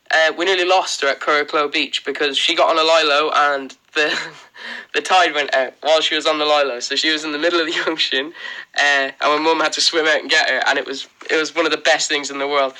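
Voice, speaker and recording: Bright-voiced Irish lad chatting to viewers. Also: male voice, fairly high pitch, steady tone, fairly quick, clear, resonant tone, low-quality recording. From Ireland. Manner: chatty, rambling, frequent "um" and "like", laughs often. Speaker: livestream host. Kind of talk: casual livestream Q&A, reading out viewer comments.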